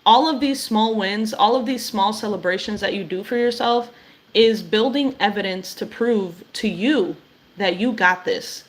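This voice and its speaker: A young woman hosting a weekly live stream, talking encouragingly and directly to her viewers. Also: medium pitch. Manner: warm, affirming, addresses viewers directly.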